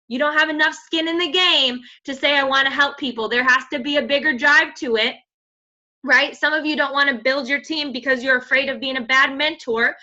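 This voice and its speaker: A pregnant woman in her thirties leading a motivational team call as a fitness coach, emphatic and full of "like". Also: sits high. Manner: energetic, emphatic, filler-heavy pep talk. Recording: dull lo-fi audio.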